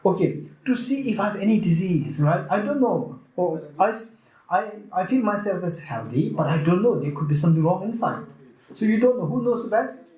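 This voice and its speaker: A man's voice: high-pitched, brisk. A man with a Tibetan accent giving a Buddhist teaching at a retreat, questioning the audience and acting out what other people might say. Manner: lively, questions the audience, acts out quoted voices. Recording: echoey room.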